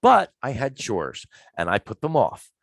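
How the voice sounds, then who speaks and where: A man tells a story on a podcast, his pitch swinging widely as he acts out each part. His delivery is emphatic and animated. The recording is close and dry, with no room sound. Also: measured pace, gravelly, no echo. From Philadelphia, USA. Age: 50s. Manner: lively, emphatic, acts out quoted lines. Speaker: guest storyteller. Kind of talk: casual storytelling.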